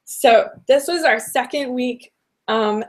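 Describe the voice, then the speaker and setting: A woman with a fairly high voice tells a story in a relaxed podcast conversation. She is animated and acts out the people she quotes. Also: slow pace.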